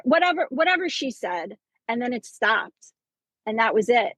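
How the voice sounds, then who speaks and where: A woman's voice: a little high, sing-song, normal speed, fairly bright tone, dry recording, poor audio. A teacher in her forties sharing a personal story on a podcast, talking in rambling bursts with many restarts and fillers. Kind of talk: casual chat.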